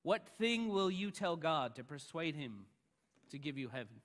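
A man pastor preaching a sermon, emphatic, rising loud on the lines he quotes. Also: fairly high pitch, big pitch swings, normal speed, in a large hall.

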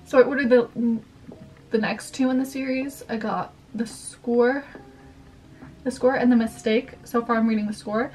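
A woman's voice: on the high side, steady tone, moderate pace, darkish tone, distant mic. A young woman vlogger chatting casually and rambling through a haul, using "like" a lot. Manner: chatty, rambling, heavy use of "like". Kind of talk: casual haul vlog chat. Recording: voice a bit off-mic, faint music behind. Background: faint background music.

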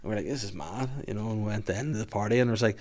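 A man's voice: lowish voice, rapid-fire, a little mellow. A young man telling a swearing, laughing anecdote in casual podcast chat. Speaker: podcast guest.

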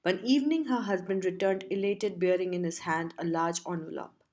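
A woman reading a short story aloud as an audiobook narrator, steady and measured. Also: fairly low pitch.

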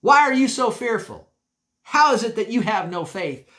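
A stern male teacher scolds his fearful followers with loud, pointed questions, as a preacher acts him out. The voice is pitched high and pushed hard, every question landing as a reproach. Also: big pitch swings, fast, exaggerated voice.

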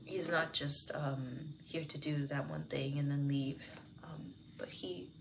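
A woman sharing a personal Bible reflection, speaking softly and musingly with many fillers, sometimes dropping to a whisper. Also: low voice, steady tone, slow pace, gravelly, background noise. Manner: soft-spoken, musing, with frequent fillers. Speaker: devotional video host.

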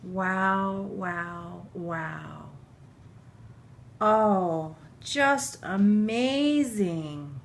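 A middle-aged woman unboxing handmade baby clothes for her video channel, gushing and tearful, often dropping to a breathy whisper. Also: lowish voice, extremely slow, slight background noise. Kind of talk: emotional unboxing chat to camera.

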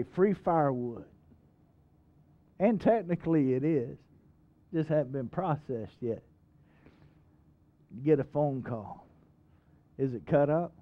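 A man's voice: a little high, narrow, tinny audio. A male pastor preaching a sermon in a church, folksy and emphatic, asking the congregation questions. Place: church sanctuary.

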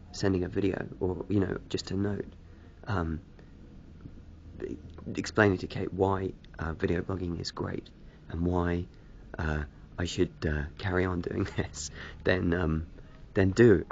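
A man's voice: low-pitched, gravelly, dull audio, a little hiss or hum. A man rambling hesitantly to camera in a casual vlog, self-deprecating, smoking as he talks. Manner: smoking a cigarette while talking. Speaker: video blogger.

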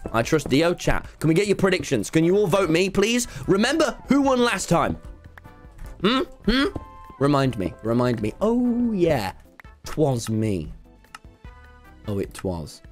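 Excitable young gamer yelling. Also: male voice, on the high side, measured pace. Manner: excitable, swearing, yelling bursts. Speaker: streamer. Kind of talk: gaming livestream commentary. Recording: game music behind the voice.

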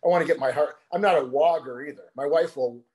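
Brief: male co-host, relaxed storyteller who tends to ramble. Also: fairly high pitch, fast talker. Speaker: podcast co-host. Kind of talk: casual chat.

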